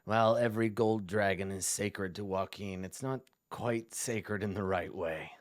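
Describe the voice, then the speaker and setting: A man putting on a tired, soft-spoken cleric, dry and close to the mic. He talks low and quietly, halting and murmuring as he hunts for words. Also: no room sound, lightly acted. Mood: weary. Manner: hushed, halting, murmured delivery. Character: weary amnesiac male cleric, soft-spoken.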